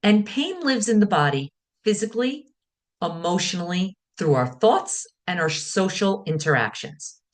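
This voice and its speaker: A woman speaking as a wellness teacher, guiding listeners calmly in short, measured phrases. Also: medium pitch. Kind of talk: guided teaching talk.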